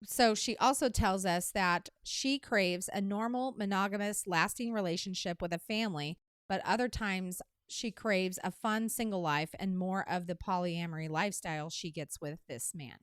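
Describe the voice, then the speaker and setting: A woman's voice: mid-range voice, normal speed, a bit bright, smooth, no room sound, clean studio sound. A woman from Missouri hosting a dating advice podcast, giving candid, emphatic advice in a casual chat with some playful teasing.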